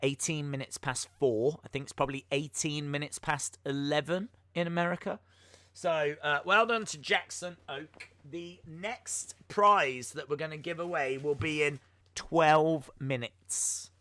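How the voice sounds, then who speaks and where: A man's voice: fairly high pitch, fairly even intonation, measured pace, pushed and bright, dry recording. A man hosting a wrestling podcast live stream, chatting casually and mocking himself, with lots of ums and uhs. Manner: chatty and self-mocking, with many filler words.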